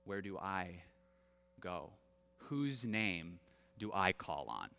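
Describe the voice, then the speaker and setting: A man in his thirties, a pastor telling humorous family stories in an animated, self-deprecating sermon, with long hall reverb. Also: low voice, slow, vocal fry, smooth. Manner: animated, self-deprecating, with laughs and acted-out quotes. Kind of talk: storytelling sermon.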